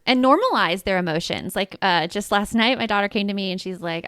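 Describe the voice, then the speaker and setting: A woman's voice: mid-range voice, expressive, fairly quick, clean tone, no echo, studio quality. A woman in her thirties co-hosting a parenting podcast, chatting casually and telling stories from home. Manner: chatty, storytelling, soft when describing soothing. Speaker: podcast co-host.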